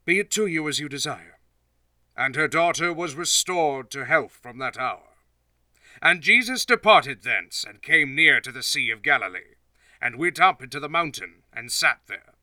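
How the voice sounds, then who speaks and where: A man reading scripture aloud as scripted narration, in a steady, formal way. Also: mid-range voice, moderate pace, dry recording, recorded from a distance. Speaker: scripture reader.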